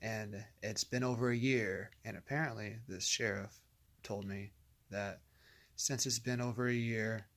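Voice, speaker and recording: A man's voice: on the low side, fairly even intonation, measured pace, a bit bright. A man from Northern California telling his own story in a casual, rambling monologue, swearing freely and often restarting his sentences. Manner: rambling, profane, with frequent fillers and restarts.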